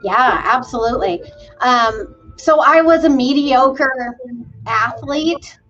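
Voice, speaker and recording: A woman in her thirties from Maine, talking casually about her life as a fitness coach. She comes across bubbly and self-deprecating, with a fairly high voice. The recording sounds a bit dull and lo-fi. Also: takes it slowly, a bit bright, faint music behind. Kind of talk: casual interview chat.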